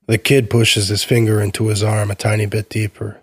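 A man narrating a fantasy short story in a measured reading voice. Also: lowish voice, little pitch movement, slightly rough, no echo. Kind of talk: scripted fiction reading.

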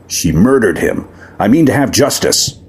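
A man with a low, husky voice playing a proud, furious male demon prince who sneers and roars. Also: animated, normal speed. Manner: sneering, roaring.

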